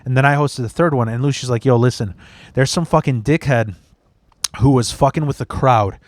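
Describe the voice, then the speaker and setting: A man's voice: medium pitch, fairly quick, no echo, studio quality. A young man hosting a podcast, telling a story in blunt, profane, casual chat and slipping into mimicry of other people. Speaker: podcast host.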